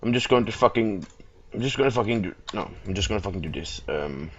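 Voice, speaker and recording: A man's voice: fairly low pitch, animated, fast talker, fairly bright tone, lo-fi sound, a little hiss or hum. A young man giving game commentary, swearing a lot and getting frustrated easily. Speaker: gamer.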